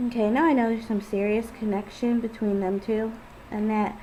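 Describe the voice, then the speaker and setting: A woman's voice: fairly high pitch, flat delivery, normal speed, warm tone, a little hiss or hum, low-quality recording. A woman casually reading her own first-person story aloud. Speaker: fan fiction author and reader.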